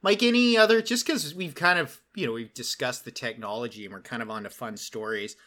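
A man hosting a casual talk, telling game-master stories with animated energy and many "like" fillers. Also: medium pitch, a little fast. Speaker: podcast host and game master. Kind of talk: casual storytelling chat.

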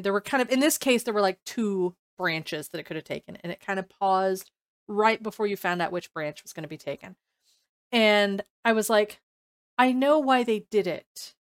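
A woman's voice: medium pitch, dry recording. Chatty woman with a dry, close sound. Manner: animated, acts out her own reactions. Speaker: podcast co-host. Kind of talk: casual chat about books.

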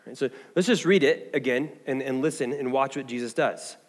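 Conversational pastor in an echoing hall. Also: male voice, medium pitch, brisk. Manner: conversational, animated, frequent fillers and "right?" asides. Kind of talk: sermon.

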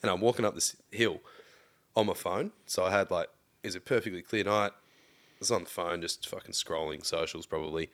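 A young man on a podcast, telling a story casually, swearing freely and getting animated. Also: sits low, moderate pace. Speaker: podcast co-host. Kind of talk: casual chat.

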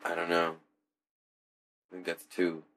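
A man's voice: sits low, monotone, measured pace, a bit bright. A young man co-hosting a podcast in casual, rambling, profane chat. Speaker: podcast co-host.

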